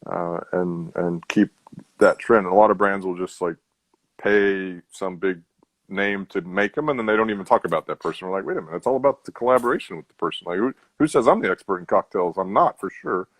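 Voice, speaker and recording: A man's voice: sits low, brisk, no echo, low-quality recording. A man, a tequila brand founder, chatting as a podcast guest in an easygoing, rambling way. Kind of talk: casual podcast chat.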